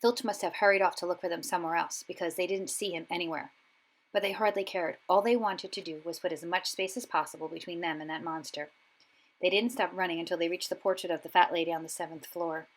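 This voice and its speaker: A woman reading a children's storybook aloud, expressive and giving each character a voice. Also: on the low side, quick pace, rough recording. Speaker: audiobook reader.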